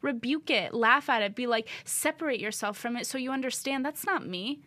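Earnest, animated faith podcast woman. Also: a little high, no echo. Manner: animated, earnest, quick to rebuke and laugh. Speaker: podcast co-host. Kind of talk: faith-based casual chat.

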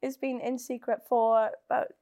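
A woman's voice: fairly high pitch, level tone, moderate pace, mellow. A young Welsh woman chatting as a podcast guest, joking, giggling and telling stories. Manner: playful, giggly, jokey storytelling. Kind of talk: casual chat.

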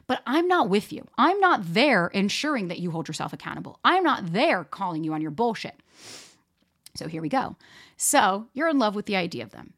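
A young woman hosting a solo dating-advice podcast, talking frankly and swearing freely as she speaks straight to her listeners. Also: medium pitch. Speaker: dating coach podcast host. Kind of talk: casual solo podcast talk.

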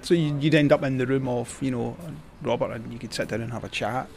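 A Scottish man recalls his years on the road at a relaxed, rambling pace, full of fillers and restarts. His voice sits at an ordinary middle pitch, and a faint ambient hum runs underneath. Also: quick pace, creaky. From Scotland. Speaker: guest, cycling journalist. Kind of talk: casual storytelling.

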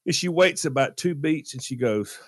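Animated, self-mocking man telling a story. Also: fairly high pitch, moderate pace, dry recording, clean studio sound. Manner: animated, self-deprecating storyteller who acts out quoted dialogue. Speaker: radio show co-host. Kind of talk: casual talk radio storytelling.

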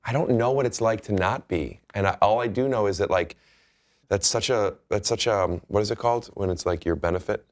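A man's voice: on the low side, a little fast. A man guesting on a comedy podcast, rambling and mock-serious. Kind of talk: comedic banter.

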